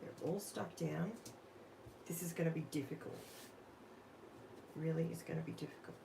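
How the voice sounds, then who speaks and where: A woman's voice: low-pitched, fairly even intonation, normal speed, vocal fry, noisy background. An Australian woman hosting a live crafting stream, chatting casually with her viewers while she works. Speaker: crafting livestream host.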